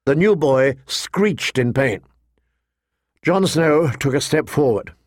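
A man narrating a fantasy novel in a measured storytelling manner, voicing the characters. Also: fairly high pitch, animated, darkish tone, no echo, studio quality. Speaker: audiobook narrator. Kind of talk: scripted narration.

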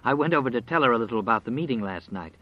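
A man's voice: mid-range voice, expressive, no echo, highs cut off, lightly acted. A man doing a breathless urgent young man. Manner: hurried, urgent.

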